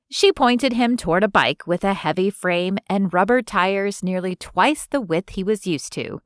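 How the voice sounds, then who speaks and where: A woman reading romance fiction aloud as an audiobook narrator in an even, smooth storytelling manner. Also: medium pitch, moderate pace, few pauses, no room sound, studio quality. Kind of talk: scripted narration.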